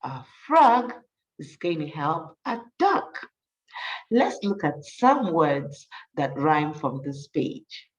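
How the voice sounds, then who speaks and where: A woman reading a picture book aloud to young children as a teacher, slowly and encouragingly, stopping to practise rhyming words. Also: low-pitched, big pitch swings, recorded from a distance, dull audio. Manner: slow, sing-song and encouraging, praises often. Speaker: storyteller and teacher.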